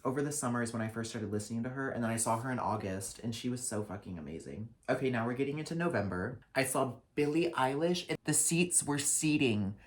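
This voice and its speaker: A young man and drag performer recapping his year in a casual vlog, talking dramatically with a lot of swearing and jumping between loud rants and flat asides, in his apartment. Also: medium pitch. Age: young adult. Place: apartment lit only by a ring light.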